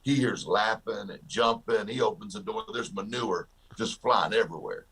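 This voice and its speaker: A man's voice: on the low side, normal speed, fairly bright tone, slight background noise. A man, a guest author and success coach, talking in an interview and telling jokey stories with a laugh. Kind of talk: storytelling interview talk.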